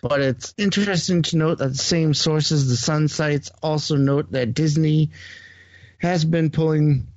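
A man's voice: a little high, moderate pace, few pauses, dry recording. A man with a French-Canadian accent hosting a podcast, reading a news article aloud with stumbles and laughs. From Quebec. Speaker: podcast host. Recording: slightly muffled dry audio.

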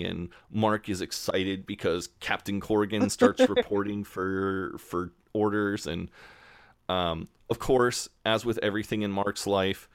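Low guy on a podcast, restarts sentences, dry sound. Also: smooth, no room sound. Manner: swears freely, restarts sentences, acts out characters' lines. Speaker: podcast co-host. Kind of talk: casual chat recapping a show.

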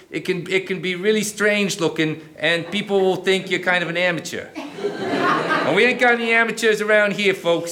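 A man's voice: sits high, sharp tone. A man performing a brash, joking puppet showman who talks out of the side of his mouth in a live puppet comedy.

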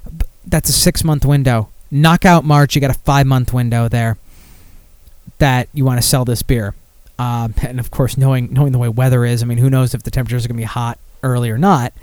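A man's voice: mid-range voice, fairly even intonation, fairly quick, darkish tone, clear, resonant tone, no room sound. A man hosting a beer podcast in casual chat, rambling and blunt with frequent swearing. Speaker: podcast host.

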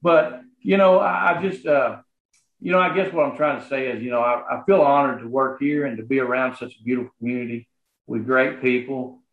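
A man's voice: mid-range voice, fairly even intonation, brisk. A man with a Southern accent talks earnestly in a casual interview, stopping and restarting often and leaning on lots of fillers. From Arkansas, USA. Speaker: guest, property association manager. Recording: roomy, phone-like sound.

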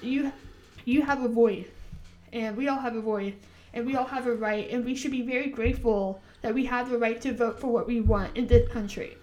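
A woman's voice: fairly high pitch, fairly even intonation, moderate pace, darkish tone. Earnest, emphatic woman podcast host. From United States. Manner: earnest and emphatic, full of "like" and "you know" fillers. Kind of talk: casual podcast chat.

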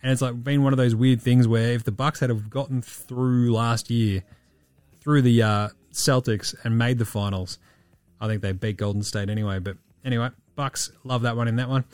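A man hosting a podcast in casual sports chat, breezy and profane as he rattles off quick-fire picks. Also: medium pitch, fairly even intonation, a little mellow, no room sound, faint music behind. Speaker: podcast host.

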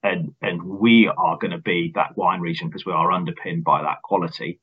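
Brief: deep, husky man, finance executive, measured answers, dull muffled recording. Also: steady tone. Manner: measured, earnest, repeats words at starts. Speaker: company finance chief. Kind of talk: business interview answers.

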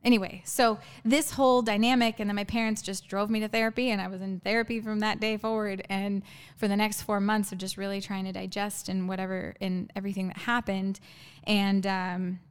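A woman guest telling a painful personal story in a halting, earnest way, with many fillers and restarts. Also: medium pitch, flat delivery, smooth.

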